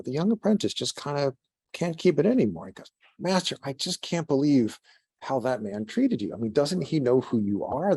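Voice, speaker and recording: A man's voice: fairly low pitch, darkish tone, no echo. A man giving an online conference presentation, telling a story in a conversational way over a video call. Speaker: conference speaker.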